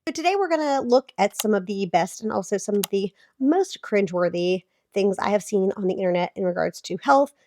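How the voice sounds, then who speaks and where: A woman's voice: mid-range voice, expressive, brisk, hardly any pauses, warm tone, slight background noise. A woman in her thirties, talking with a sick voice, gives chatty reaction commentary on fitness advice as a vlogger. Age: 30s. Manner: chatty, explanatory, filler-heavy.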